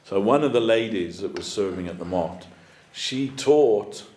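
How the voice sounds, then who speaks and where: A man's voice: on the low side, lively intonation, a little slow, a little mellow, echoey room. A man giving a storytelling sermon as a spiritual teacher, conversational with many fillers. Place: temple hall.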